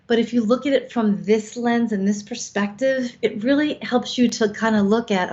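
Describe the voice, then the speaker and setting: A woman's voice: a little high, normal speed, a little mellow. A woman over fifty co-hosting a show, giving frank, coaching advice with casual swearing. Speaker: co-host. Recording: slightly dull lo-fi sound.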